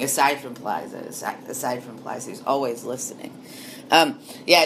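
A woman's voice: very deep voice, expressive, brisk, gravelly, a little hiss or hum. A woman in her late thirties talking in a loose, meandering monologue, laughing often and trailing off. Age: 30s. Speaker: monologue speaker. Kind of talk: rambling casual monologue.

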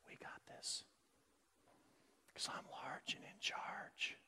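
A man voicing God in a whispered role-play, a calm, loving presence speaking softly and reassuringly, in a large reverberant hall. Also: slow pace. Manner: soft, gentle, intimate.

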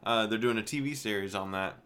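Low-voiced laid-back podcast co-host. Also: male voice, brisk, a bit bright. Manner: laid-back, short agreeing replies, jokey. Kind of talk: casual chat.

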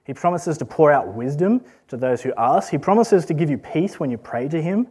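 A man's voice: a little high, lively intonation, brisk, a little mellow, breathy edge. A man giving an earnest, conversational sermon full of rhetorical questions. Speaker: preacher.

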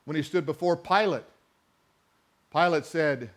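A man preaching a sermon, reading scripture slowly and with emphasis and calling on the congregation to answer. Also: high voice, expressive.

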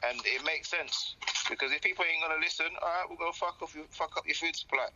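A man's voice: a little high, quick pace, bright, forceful tone, lo-fi sound. A man chatting casually on a podcast, laid-back, slangy and outspoken. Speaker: podcast co-host. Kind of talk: casual chat. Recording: noticeable background hiss.

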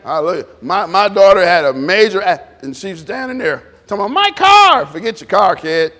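A man preaching an informal, conversational sermon, animated and repetitive, drawing responses from the congregation. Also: high voice, a little fast. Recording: long reverb in a church hall.

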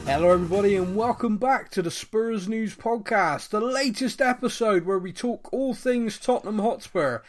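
A man's voice: high voice, moderate pace, few pauses, soft background music. A man from England hosting a casual sports podcast, chatty and laughing often. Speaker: podcast host. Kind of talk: casual chat.

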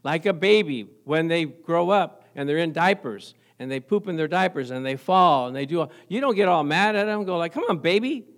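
A male pastor delivers a sermon in a fairly high voice. He tells everyday stories, laughs often, and keeps calling on the congregation for an amen. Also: animated, moderate pace, few pauses. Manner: storytelling with call-and-response, laughing often.

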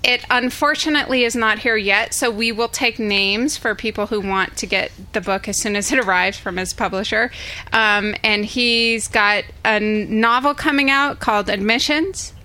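A woman's voice: a little high, normal speed, bright, forceful tone. A woman hosting a live reading, chatty and laughing easily as she introduces the next author. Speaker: event host. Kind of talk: introducing readers at a live event.

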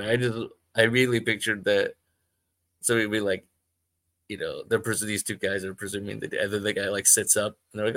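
A man's voice: fairly low pitch, little pitch movement, fast, fairly bright tone, no room sound. A man hosting a podcast who reads a story aloud and keeps breaking off to mock it and himself. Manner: self-deprecating, laughs at himself. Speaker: podcast host. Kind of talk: rambling comedic reading.

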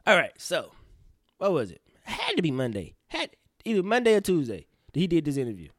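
Animated, swearing young podcast host. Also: male voice, fairly high pitch, fairly quick, dry recording, clean studio sound. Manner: animated, profane, goes off on tangents. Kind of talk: casual news commentary.

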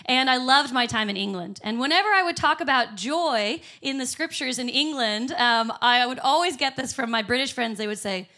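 A woman's voice: high voice, expressive, moderate pace, few pauses, pushed and bright. A woman preaching a sermon in church, upbeat and emphatic with frequent laughs. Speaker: pastor.

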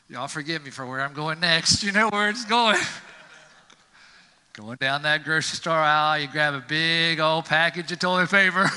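A male pastor preaches in a folksy, conversational way, leaning on casual fillers. His voice is very bright and a little high. It carries the long reverb of a church sanctuary. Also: clean tone. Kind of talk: sermon.

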